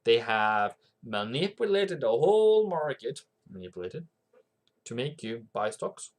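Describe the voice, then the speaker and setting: Slow-talking man giving casual forex commentary. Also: mid-range voice, sing-song. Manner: rambling, reads viewer comments aloud, frequent restarts. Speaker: forex trading channel host. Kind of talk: casual livestream market commentary.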